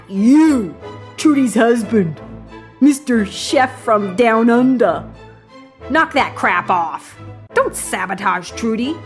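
Podcast host doing a mock-angry scold, high and swooping, slow and deliberate, faint music underneath. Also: female voice. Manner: mock-stern, teasing taunts. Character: scolding woman yelling at a friend's husband.

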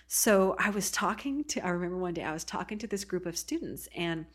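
A woman's voice: lowish voice, expressive, fairly quick. A woman podcast host from the Oregon coast, talking casually and chattily, laughing often. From Oregon coast, USA. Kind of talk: casual solo podcast talk.

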